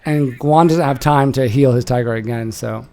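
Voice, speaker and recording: A young man shoutcasting a strategy game he played in, casual and animated, swearing and laughing. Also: medium pitch, moderate pace.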